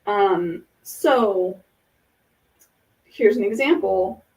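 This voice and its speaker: A woman's voice: mid-range voice, very slow, vocal fry, darkish tone, distant mic, poor audio. A woman hosting a casual podcast, talking through ideas in an earnest, explanatory way with examples. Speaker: podcast host.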